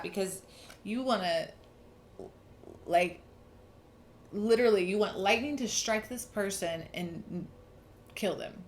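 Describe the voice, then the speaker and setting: A woman's voice: mid-range voice, takes it slowly, long pauses, a little hiss or hum. A young woman giving a casual, earnest tarot reading, talking emphatically and restarting often. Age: young adult. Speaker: tarot reader.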